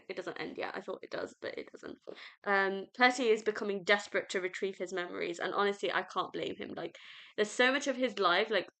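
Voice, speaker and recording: A woman's voice: medium pitch, sharp tone. A British woman hosting a casual solo book review podcast, rambling and gushing with lots of fillers. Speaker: podcast host.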